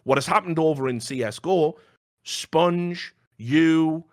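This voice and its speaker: A man's voice: fairly high pitch, measured pace, no room sound. Blunt sweary man, dry sound. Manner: blunt, sweary, animated storytelling. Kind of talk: casual chat.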